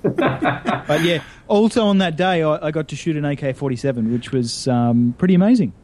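A man's voice: on the high side, normal speed, heavy background noise. An Australian man co-hosting a podcast, a jokey, rambling storyteller in casual chat. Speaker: podcast co-host.

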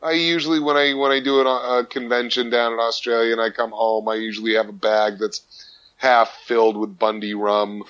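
A man, a voice actor, chatting casually on a podcast, animated and playful, slipping into mock anger and quick voices. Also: mid-range voice, highs cut off. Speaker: voice actor guest.

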